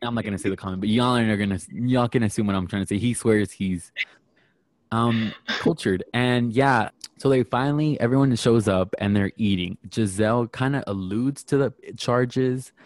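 Low-voiced man, dry close sound. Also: normal speed, dry recording. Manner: animated storyteller acting out quotes. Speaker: podcast co-host recapping reality TV. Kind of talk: casual chat.

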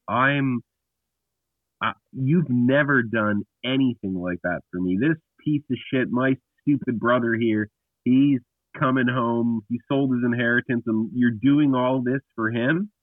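A man's voice: medium pitch, normal speed, no echo, voice pushed up, natural voice. A man voicing a jealous, resentful older brother who complains indignantly, in a raised voice. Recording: tinny phone-like line.

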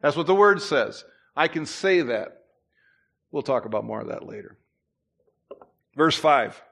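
A man's voice: animated, a little slow, vocal fry, a bit bright. Emphatic male pastor with a raised voice. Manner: emphatic, climbs in pitch and volume to drive points home; conversational, with restarts and asides. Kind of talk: sermon. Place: church.

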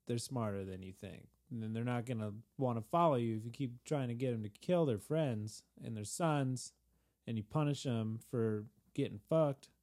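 A man's voice: medium pitch, normal speed, a little mellow, natural voice. A man voicing a sly, persuasive male devil in a crude comic retelling during casual chat. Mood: coaxing. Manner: laid-back, crude.

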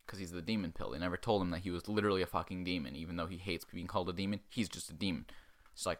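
Crude sarcastic low-voiced man recapping. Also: sharp tone. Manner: crude, sarcastic, acts out characters in quick asides. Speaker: podcast host. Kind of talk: profane comic film recap.

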